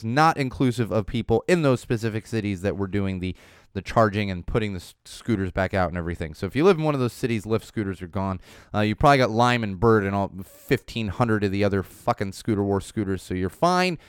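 A man in his thirties hosts a casual solo podcast, telling stories with lots of swing in his voice and dropping into muttered asides. His voice is smooth and resonant. The sound is dry and close. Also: medium pitch, dry recording. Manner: animated storytelling, ranting, drops to muttering asides. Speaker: podcast host.

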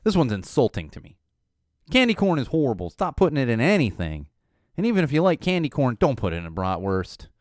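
A middle-aged man hosting a podcast, rambling casually with lots of fillers, his voice a little hoarse and tired. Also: medium pitch, brisk, no room sound, studio quality. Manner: rambling, animated, frequent "uh" fillers. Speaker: podcast host. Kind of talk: casual solo chat.

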